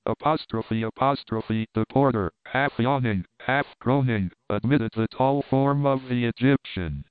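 A man narrating a classic novel in a measured, formal way. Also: mid-range voice, clear, resonant tone, dry recording. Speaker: audiobook narrator. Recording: tinny phone-like sound.

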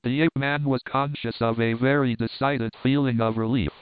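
A man reading an adventure story aloud in a steady, measured narration. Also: mid-range voice, clean tone, no echo. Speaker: audiobook narrator. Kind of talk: scripted narration. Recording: dry, tinny phone-like sound.

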